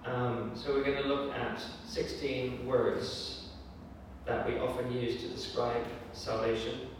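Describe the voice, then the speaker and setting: A man preaching a sermon in an earnest, measured way, with fillers and raised emphasis when he quotes scripture. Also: medium pitch, little pitch movement, slight background noise. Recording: echoey hall from far off.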